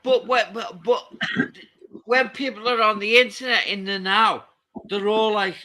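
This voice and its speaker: A man's voice: high voice, a little slow, sharp tone. A man with a Scouse accent chatting on a casual stream, rambling and repeating himself. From England. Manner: rambling, repeats words, laughs easily.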